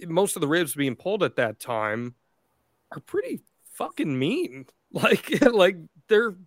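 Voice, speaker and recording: A man's voice: sits high, very animated, slow pace, no echo, clean studio sound. A man co-hosting a podcast, setting up long questions for his guest in a casual, conversational way. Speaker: podcast co-host, interviewer. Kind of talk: casual interview.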